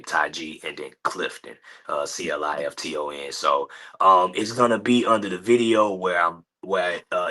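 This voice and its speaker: A young man talking casually as a guest on an interview show, laid-back and halting with many fillers. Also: low-pitched, bright, forceful tone. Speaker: guest, son of a late rapper.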